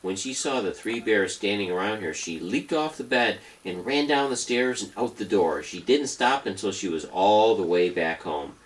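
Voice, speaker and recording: A father reading a children's story aloud to his baby at home, gentle and playful. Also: fairly low pitch, animated, moderate pace, few pauses, a little hiss or hum.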